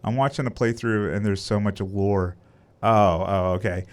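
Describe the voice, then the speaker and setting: A young man casually commenting on his live game stream, swearing freely and reacting loudly. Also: lowish voice, steady tone, moderate pace. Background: game music.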